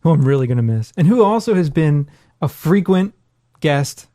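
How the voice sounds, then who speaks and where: A man's voice: a little high, expressive, normal speed, mellow, no room sound, studio quality. A man co-hosting a podcast in casual chat, joking and rambling with self-deprecating asides. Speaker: podcast co-host.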